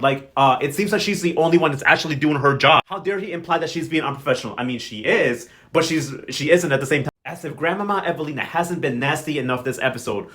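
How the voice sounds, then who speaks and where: A man's voice: a little high, fast, few pauses, fairly bright tone. A man giving a casual, sassy recap as a host, quoting people in exaggerated voices. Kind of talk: casual commentary.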